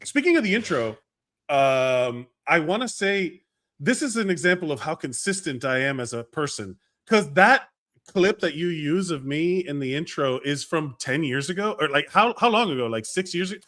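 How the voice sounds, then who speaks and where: Male podcast host, high bright voice, bouncy delivery, jokey banter. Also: expressive, moderate pace. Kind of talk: casual podcast chat.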